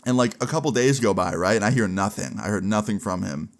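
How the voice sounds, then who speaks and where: A man's voice: fairly low pitch, fast, vocal fry. Laid-back young man telling a story. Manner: laid-back, slangy, lots of "like" and "right?". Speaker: storyteller vlogger. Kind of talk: casual story-time narration.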